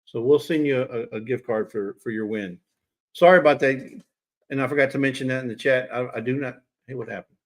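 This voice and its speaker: A man's voice: medium pitch, fairly quick. A man hosting a casual livestream, chatting and teasing his viewers by name. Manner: chatty, teasing, talks straight to chat viewers. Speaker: livestream host.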